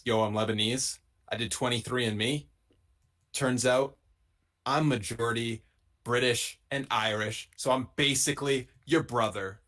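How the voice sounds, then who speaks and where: A man of middle pitch co-hosts a live stream, spinning dry, rambling jokes in relaxed chat. His voice sits right in the ordinary middle range for a man. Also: unhurried. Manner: dry, rambling jokey storytelling. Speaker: podcast co-host.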